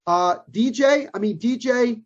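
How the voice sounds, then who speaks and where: A man's voice: very high-pitched, measured pace. A man co-hosting a sports podcast, talking in an emphatic, opinionated way and repeating his points for stress. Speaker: podcast co-host. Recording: dull lo-fi recording.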